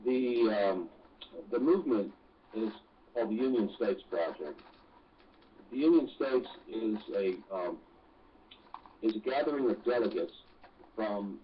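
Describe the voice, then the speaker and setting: A man who is a guest on a talk radio show, explaining slowly and deliberately with pauses. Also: lowish voice, a little hiss or hum. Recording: distant, dull phone-in sound.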